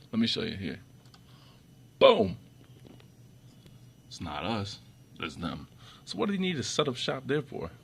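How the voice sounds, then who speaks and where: A man's voice: vocal fry, husky. A man giving an off-the-cuff commentary monologue, rambling with many restarts and repeated words, his voice often jumping up sharply when irritated. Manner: irritated, sharp jumps up in pitch and loudness. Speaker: video commentator.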